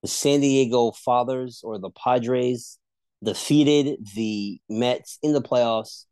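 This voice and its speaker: A man co-hosting a casual sports podcast, debating rivalries and jumping high in pitch when he argues. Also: takes it slowly, clear, resonant tone, dry recording. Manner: animated, pitch jumps high when arguing.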